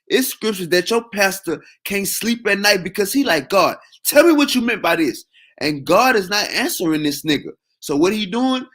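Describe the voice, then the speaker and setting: A man talking in a loose, animated way, full of slang and cursing. His voice sits high and swings up and down a lot as he drives his point home. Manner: animated, repetitive, heavy slang and profanity. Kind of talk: casual freestyle talk.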